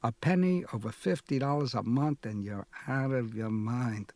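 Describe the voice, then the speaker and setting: A man's voice: medium pitch, moderate pace, darkish tone, no room sound, natural voice. A man voicing a scolding, penny-pinching older father in an audiobook, nagging and incredulous. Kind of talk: audiobook narration.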